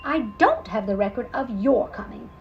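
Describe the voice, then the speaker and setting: A woman's voice: fairly high pitch, very animated, moderate pace, muffled recording. A woman voicing a nervous, fussy male animal record keeper with an English accent, polite and formal, in a storybook reading.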